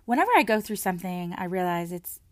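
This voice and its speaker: A woman's voice: fairly low pitch, animated, quick pace, no room sound. A woman and mother talking earnestly about her own experience in a reflective personal talk, often repeating words and restarting her sentences. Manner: earnest and soft-spoken, with frequent word repetitions and restarts.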